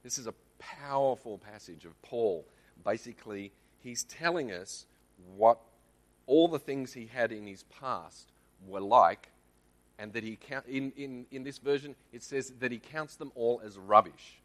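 A man's voice: mid-range voice, unhurried. An Australian man giving a conversational Bible teaching in church, often checking in with the congregation. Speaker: lay preacher.

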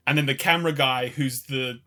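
A man with a bright, forward voice chats casually about films as a podcast co-host. He tells stories with a laugh and acts out scenes in quick quoted bits. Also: mid-range voice, fairly even intonation. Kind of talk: casual film chat.

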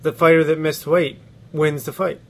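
A man's voice: fairly high pitch, little pitch movement, normal speed, fairly bright tone. A man co-hosting a casual sports podcast, laughing often and giving blunt opinions with casual swearing. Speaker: podcast co-host.

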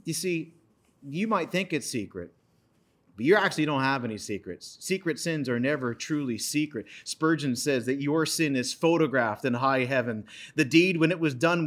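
Earnest preaching man, higher voice. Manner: earnest preaching, reads scripture aloud with dramatic pauses. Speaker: pastor. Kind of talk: sermon.

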